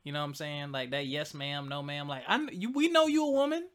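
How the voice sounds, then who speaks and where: A man's voice: on the high side, lively intonation, fast talker, crowd noise. A man in his thirties co-hosting a casual podcast, telling stories wryly and often laughing along. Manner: wry, laughing storyteller. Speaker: podcast co-host. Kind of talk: casual chat.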